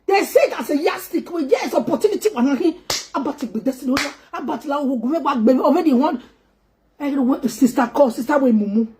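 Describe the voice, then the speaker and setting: High-voiced woman pleading emotionally. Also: lively intonation, fairly quick, mellow. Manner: pleading, emotional, mixes English with Nigerian Pidgin and local language. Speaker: entertainer appealing to two public figures. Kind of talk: impassioned spoken plea.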